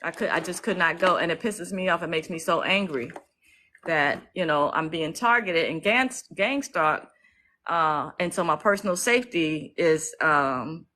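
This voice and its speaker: Her voice sits on the low side, sharp in tone and at a moderate pace, captured on a phone livestream with a bit of hiss or hum and low overall quality. She's an activist hosting a casual stream, speaking emotionally and frankly, swearing openly and reading comments to thank viewers.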